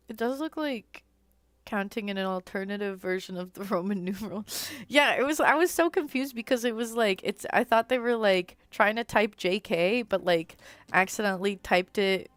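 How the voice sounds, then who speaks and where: A woman's voice: mid-range voice, a bit bright, no room sound. A young adult woman chatting casually while streaming a game, rambling on and filling her speech with "like.". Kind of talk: casual live-stream chat while gaming.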